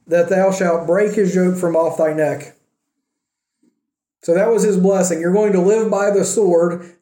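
A man with a high, mellow voice teaches from the Bible in a relaxed way, retelling the story with dry humor and quoted voices. The room around him rings with a noticeable echo.

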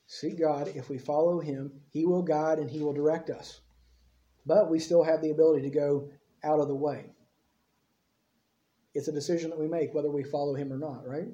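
A male preacher with a high, mellow voice teaches through scripture verse by verse. He talks conversationally, often tossing in quick tag questions. The recording is a bit dull and lo-fi. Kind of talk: expository Bible teaching. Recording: slightly dull lo-fi audio.

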